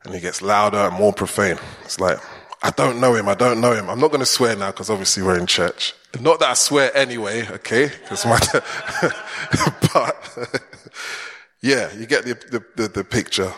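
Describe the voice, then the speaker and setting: A man's voice: on the low side, normal speed, fairly bright tone. A man preaching a chatty, conversational sermon in a church and putting questions to the congregation. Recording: long church hall reverb.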